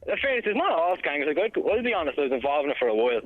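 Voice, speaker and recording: Rapid-talking Dublin man on a phone line. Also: a little high, very animated. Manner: rambling, casual, slangy. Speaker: caller. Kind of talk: phone-in chat.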